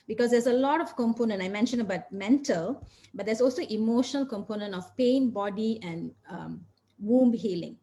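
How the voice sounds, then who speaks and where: A woman's voice: fairly high pitch, normal speed, mellow. A woman physician and coach answering interview questions, explaining in an earnest, step-by-step way.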